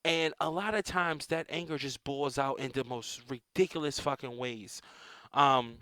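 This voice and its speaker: A man's voice: medium pitch, measured pace, pushed and bright, clean tone, dry recording, low-quality recording. A man ranting bluntly into the camera in a casual, profane monologue, with many restarts and "um"s. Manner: profane, blunt, repetitive, with frequent hedging restarts and "um"s. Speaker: vlogger.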